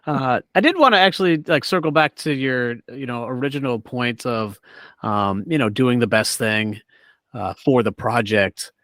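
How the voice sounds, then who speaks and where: A man's voice: mid-range voice, normal speed, fairly bright tone, dry recording, clean studio sound. A man hosting a casual interview, laughing easily and asking long, rambling questions full of fillers. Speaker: podcast host.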